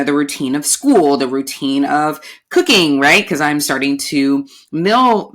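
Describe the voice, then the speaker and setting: Woman host, low-pitched, talkative and animated, casual solo podcast delivery. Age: adult, married. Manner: expressive, chatty, laughs often.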